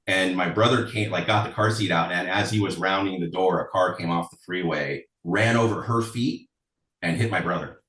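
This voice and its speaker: A man with a lowish voice tells personal stories in a loose, chatty way, often stopping to laugh. He sits away from the mic, and the room adds a noticeable echo. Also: moderate pace, fairly bright tone, distant mic. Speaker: songwriter guest. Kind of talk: casual storytelling interview.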